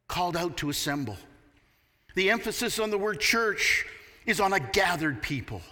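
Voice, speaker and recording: Guy from canada preaching, bright tone, earnest, big echoey church sound. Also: sits high, sing-song, moderate pace. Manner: earnest, rising to emphatic peaks, with restarts. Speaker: pastor. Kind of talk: sermon.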